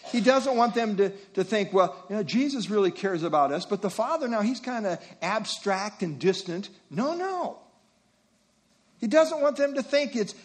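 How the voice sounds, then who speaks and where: An older man preaching an expository sermon, teaching through verse references and rhetorical questions. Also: high-pitched.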